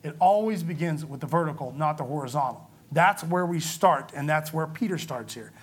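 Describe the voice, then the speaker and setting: A man's voice: fairly high pitch, lively intonation, normal speed, slightly rough. A man teaching a Bible study in a conversational, explanatory way, often checking in with his listeners. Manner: conversational, explanatory, frequent "okay?" check-ins.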